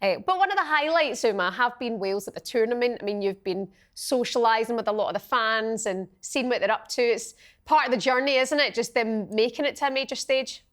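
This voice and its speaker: A woman's voice: a little high, brisk, a bit bright. A woman hosting a sports podcast, chatty and exclamatory, telling anecdotes in a casual chat. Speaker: podcast host.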